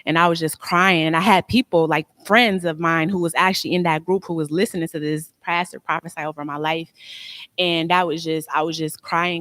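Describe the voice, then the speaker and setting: A woman's voice: sits low, fairly even intonation, a little fast, a bit bright. A young adult woman, a tax business owner, telling a personal story in an interview, earnest and emotional, with many "like"s. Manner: emotional, earnest, heavy use of "like".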